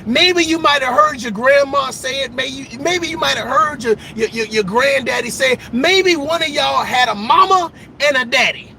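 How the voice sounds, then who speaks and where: A man delivering an impassioned motivational speech to his viewers. He talks in a preachy, repetitive way and keeps breaking into emphatic shouts. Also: very high voice, expressive, moderate pace, creaky, few pauses. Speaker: motivational vlogger.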